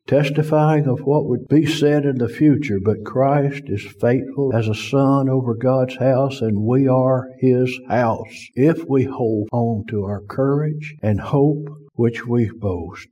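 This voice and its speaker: A man's voice: mid-range voice, slow, few pauses, mellow, slightly rough. A man preaching a sermon, reading scripture aloud and explaining it in folksy, everyday words, often asking his listeners questions.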